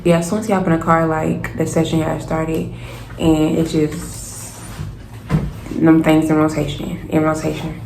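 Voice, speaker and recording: A young woman telling a storytime to her viewers, animated and casual, addressing them directly. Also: deep voice, moderate pace, gravelly. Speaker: vlogger. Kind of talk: storytime vlog. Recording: roomy echo, faint noise.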